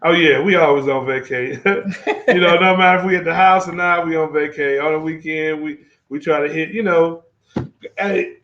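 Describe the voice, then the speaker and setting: A man's voice: fairly high pitch, moderate pace, a bit bright. A man hosting a casual travel live stream, talking loosely with many fillers and reading viewer comments aloud. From Texas. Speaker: travel vlogger host. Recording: dull lo-fi live-stream audio.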